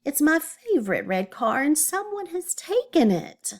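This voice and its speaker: A woman voicing a whiny young boy who yells and blames others, in a read-aloud storybook. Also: medium pitch, animated, moderate pace, close to an everyday voice. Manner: whining, shouting.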